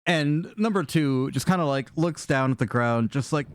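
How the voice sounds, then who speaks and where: A man's voice: a little high, normal speed, clear, resonant tone, no echo, studio quality. A man running a tabletop game as game master, narrating playfully with laughter and swearing.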